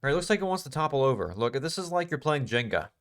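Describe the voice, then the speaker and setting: A man's voice: fairly high pitch, big pitch swings, fast, a bit bright. A man teaching a live trading class in a casual, emphatic way, repeating phrases and asking the class questions. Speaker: trading instructor.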